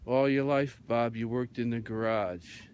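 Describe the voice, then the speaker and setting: Brief: man doing a solemn dream catfish, slow and unhurried, mid-pitched, told like a radio story. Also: steady tone, a little mellow, a little hiss or hum, lightly acted. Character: talking rainbow catfish, solemn dream visitor.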